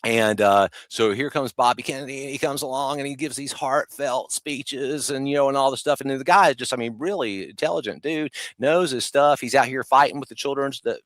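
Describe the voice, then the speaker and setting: A man in his fifties, a podcast guest talking in an animated, emphatic way with mocking asides. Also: medium pitch, a little fast, hardly any pauses, no echo. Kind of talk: casual conversation.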